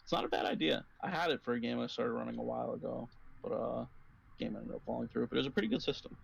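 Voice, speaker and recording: A man's voice: medium pitch, fast talker, gravelly, noisy background. A young man narrating a tabletop game as game master, in a casual, rambling way full of fillers.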